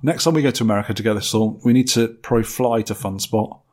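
A man's voice: lowish voice, fast talker, a little mellow. A man hosting a casual podcast, quizzing his co-host with teasing remarks and reading out listener mail. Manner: teasing quizmaster, reads listener mail aloud.

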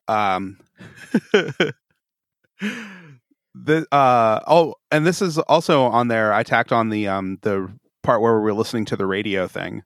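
A man's voice: fairly low pitch, fairly bright tone, no echo, clean studio sound. A man co-hosting a podcast in casual chat, laid-back and laughing often. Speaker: podcast co-host.

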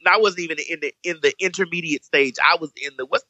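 A young woman telling a story in casual chat, animated and campy, jumping up to a high squeaky voice for the people she quotes. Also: fast talker, no echo, lo-fi sound. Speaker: podcast guest telling a story.

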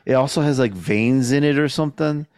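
A man co-hosting a casual podcast, calmly reflecting on a film's story. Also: medium pitch, fairly quick, clear, resonant tone. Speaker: podcast co-host. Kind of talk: casual film review chat.

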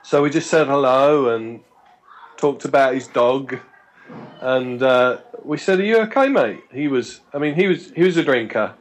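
A man recounts a long story as a podcast guest, talking in a chatty, stop-start way. He often restarts his words and briefly acts out the voices of the people he quotes. His voice sits at an ordinary middle pitch. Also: measured pace, low-quality recording. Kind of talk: anecdotal storytelling.

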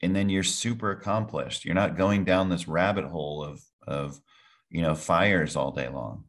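A man's voice: low-pitched, moderate pace, fairly bright tone. A man answering as a podcast guest, energetically walking the listener through his daily routine step by step. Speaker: product formulator.

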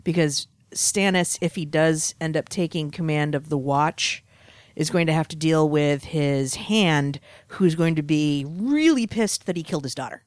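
A speaker thinks aloud in casual podcast talk, weighing possibilities. The voice is mid-pitched and recorded dry and close. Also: measured pace, dry recording. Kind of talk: casual chat.

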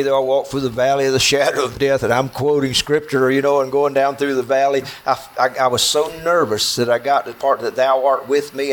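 A man's voice: mid-range voice, a little hiss or hum. A man telling a gripping personal story to people sitting with him, often stumbling and repeating words as he relives it. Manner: halting and intense, repeating words as he relives events. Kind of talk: personal storytelling to a small audience.

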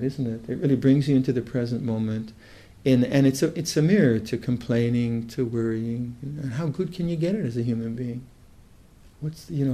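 Speaking in a mid-range voice with a dark tone, an older man who teaches Buddhist meditation delivers a reflective dharma talk. He proceeds thoughtfully and haltingly, often starting his sentences over.

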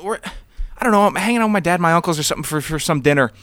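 A man's voice: on the high side, lively intonation, rapid-fire, a bit bright, dry recording, clean studio sound. A man co-hosting a podcast, chatting casually in an easygoing, agreeable way. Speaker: podcast co-host. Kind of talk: casual chat.

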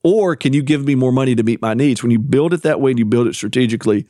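A man's voice: medium pitch, fast, warm tone, no room sound. Man co-hosting, dry close sound. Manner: explains at length, gives business advice. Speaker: podcast co-host. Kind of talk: casual chat.

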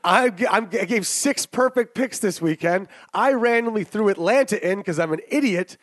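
Brash, jokey male podcast co-host, high voice, dry close sound, rambling betting talk. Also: expressive, moderate pace, a bit bright, dry recording. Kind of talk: casual sports betting chat.

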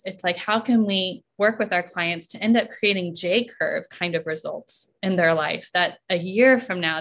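A woman coach talking in a relaxed podcast conversation, often checking in with "right?" and laughing between points. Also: fairly low pitch.

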